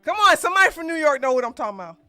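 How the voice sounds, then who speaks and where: A woman hosting a live news podcast, loud and exclamatory, laughing often. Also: sits high, sing-song, rapid-fire, no echo, soft background music. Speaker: podcast host. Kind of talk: live political commentary.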